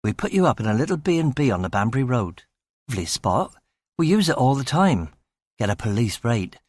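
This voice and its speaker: A man's voice: medium pitch, big pitch swings, brisk, a little mellow, no echo. A chatty young constable with a lifted, upbeat voice, as a male narrator puts him on. He rattles on in a breezy, talkative way, in a crime audiobook read in a dry, close room.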